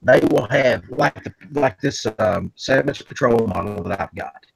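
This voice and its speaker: Male call-in guest: folksy, animated storyteller with a gravelly, raspy voice. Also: mid-range voice, measured pace, dry recording, poor audio. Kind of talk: casual chat. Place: at home, late at night.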